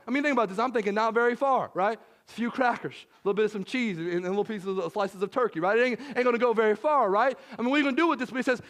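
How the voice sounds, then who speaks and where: A man's voice: sits high, rapid-fire, hardly any pauses, fairly bright tone. A man preaching a sermon as pastor, conversational, with frequent "right?" asides, and he acts out the disciples' worried voices.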